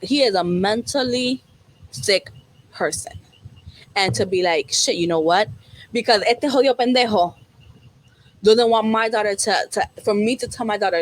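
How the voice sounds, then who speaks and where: A woman with a Puerto Rican accent, co-hosting a casual podcast chat, animated and profane, dropping Spanish words into her English. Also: mid-range voice, no room sound, rough recording. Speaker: podcast co-host.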